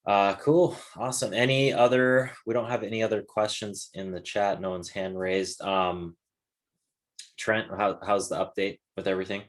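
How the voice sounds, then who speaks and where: A man with a very low voice hosts a question-and-answer webinar over a video call. He talks loosely and encouragingly, with plenty of fillers. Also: normal speed. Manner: relaxed, filler-heavy, encouraging. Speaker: webinar host and course instructor. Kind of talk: casual Q&A chat.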